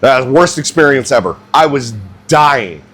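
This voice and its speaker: A young man who cooks at a barbecue restaurant, telling a funny story in a casual, animated, self-mocking way as he works in the kitchen. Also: mid-range voice, normal speed, slight background noise. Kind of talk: casual storytelling while cooking.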